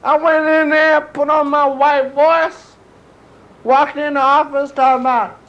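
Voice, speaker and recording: A high, whining strung-out junkie, as a man acts him out in a stand-up routine. He drawls his complaints slowly, lets his voice break into sobs, then flares into shouts. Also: level tone, poor audio. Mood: self-pitying. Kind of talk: stand-up character bit.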